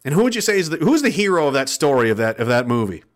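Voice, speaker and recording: A man's voice: mid-range voice, very animated, racing. A man speaking to his viewers in an impassioned, profane, rambling monologue. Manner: profane, rambling, fervent, with restarts. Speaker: online commentator.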